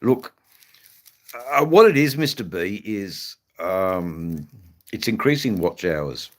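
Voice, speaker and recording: Deep, slow-talking Australian man. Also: sing-song. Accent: Western Australian. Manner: rambling, halting, many fillers. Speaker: motorcycle channel host. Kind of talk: casual live-stream chat. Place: indoors in front of a flag backdrop. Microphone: phone.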